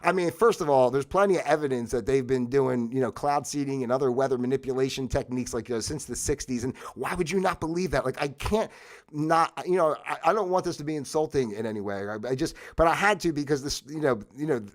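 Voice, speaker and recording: A man hosting his own livestream, talking casually in a rambling way with many fillers and restarts, at times bursting into loud, exasperated outbursts. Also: medium pitch, fast. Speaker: livestream host. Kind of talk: casual solo livestream monologue.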